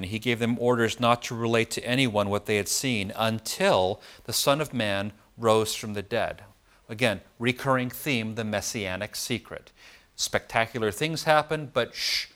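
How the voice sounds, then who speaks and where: A man's voice: fairly low pitch, a bit bright. A man preaching a Bible study, explaining scripture in a conversational way and often checking in with his listeners.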